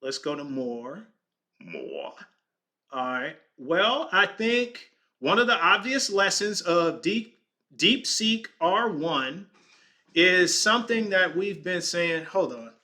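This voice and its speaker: A man's voice: high voice, big pitch swings, slow pace, pushed and bright. A man hosting a casual vlog, thinking aloud as he goes through stock charts on his screen, stumbling over words and joking with his chat. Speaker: podcast host. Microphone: desk microphone.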